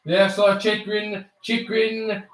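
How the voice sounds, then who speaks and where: A man doing mock hockey play-by-play on a live stream, calling fast with bursts of shouting and imitating broadcasters. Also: sits high, distant mic. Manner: excitable, rapid calls with bursts of shouting. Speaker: livestream host doing play-by-play. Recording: echoey room, off-mic.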